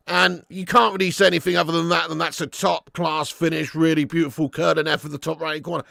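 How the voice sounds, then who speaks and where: A man hosting a live football watch-along, who shouts at the big moments and laughs a lot between them. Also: on the high side, fairly quick, creaky, hardly any pauses, no room sound, studio quality. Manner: excitable, shouts at goals, laughs often.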